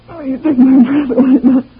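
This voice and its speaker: An actress playing a devoted sweetheart who speaks softly and adoringly, in 1930s radio drama acting. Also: female voice, on the low side, lightly acted. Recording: dull lo-fi old radio recording.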